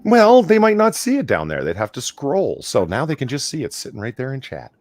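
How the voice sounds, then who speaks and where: A man co-hosting a casual stream chat, ranting with animated energy and swearing freely. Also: mid-range voice, a little fast, no room sound. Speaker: co-host. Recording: dry close-miked audio.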